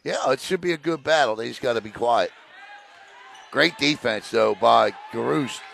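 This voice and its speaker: A man calling a high school basketball game play by play, excitable on big plays and joking between them. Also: normal speed, creaky, a little hiss or hum. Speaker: play-by-play announcer. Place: gym broadcast position.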